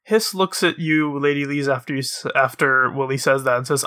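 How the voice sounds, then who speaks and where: A man narrating a tabletop game as game master, describing the scene slowly with hesitant fillers. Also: mid-range voice, pushed and bright.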